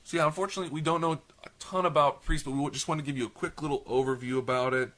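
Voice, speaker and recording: A man's voice: on the high side, steady tone, racing, a bit bright. A young man co-hosting a casual podcast chat, talkative and a bit long-winded, self-deprecating. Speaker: podcast co-host.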